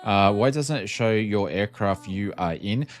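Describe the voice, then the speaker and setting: A man's voice: on the low side, a little slow, faint music behind. A man with an Australian accent chatting casually and joking with viewers on a flight sim live stream. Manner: chatty, joking, lots of ums.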